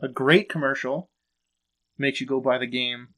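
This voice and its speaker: A man's voice: mid-range voice, steady tone, normal speed, fairly bright tone. A man co-hosting a casual podcast, rambling and thinking aloud with fillers. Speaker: podcast co-host. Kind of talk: casual chat.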